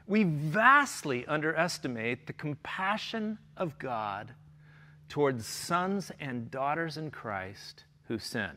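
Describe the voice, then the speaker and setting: A man's voice: fairly high pitch, expressive, takes it slowly, pushed and bright. A middle-aged man, a pastor preaching a sermon in an earnest way, asking his listeners question after question.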